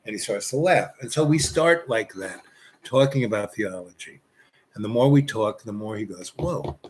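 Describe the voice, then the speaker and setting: A man's voice: lowish voice, expressive, moderate pace, slight background noise. Rambling man telling an anecdote. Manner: rambling, full of "you know" fillers and restarts. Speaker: storyteller. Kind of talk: casual spoken anecdote.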